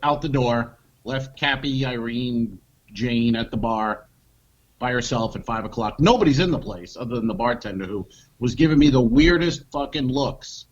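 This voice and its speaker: A man co-hosting a comedy podcast, telling an animated story and acting out the voices of the people in it. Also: medium pitch, normal speed, dull audio. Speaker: podcast co-host.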